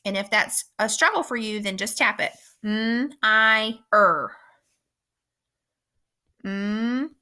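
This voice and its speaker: A woman teacher giving a recorded phonics lesson, speaking slowly and clearly and repeating each word for young learners. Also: medium pitch, animated, sharp tone. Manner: slow, clear instructional pacing with repeated words.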